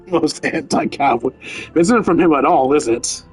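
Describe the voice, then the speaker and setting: A man streams a video game and chats casually as he explains the story to his viewers. His voice runs fairly high, and faint game music plays underneath. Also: big pitch swings, slow, a little mellow, poor audio. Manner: chatty, explaining lore to viewers.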